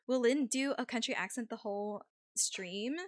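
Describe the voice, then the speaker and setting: A woman's voice: on the high side, moderate pace, background noise. A young woman streamer chatting casually with her viewers, rambling with lots of fillers and frequent laughs.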